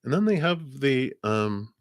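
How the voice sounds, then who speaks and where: A man's voice: mid-range voice, sing-song, unhurried, dry recording, studio quality. A middle-aged man giving a live tarot reading to a viewer, musing aloud with frequent chuckles and repeated words as he searches for the right ones. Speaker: tarot card reader.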